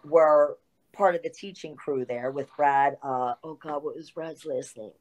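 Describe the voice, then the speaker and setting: A middle-aged woman, a former wrestler, telling a lively anecdote as an interview guest, full of asides and fillers. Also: low-pitched, unhurried, lo-fi sound. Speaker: guest, retired pro wrestler. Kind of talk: storytelling in an interview.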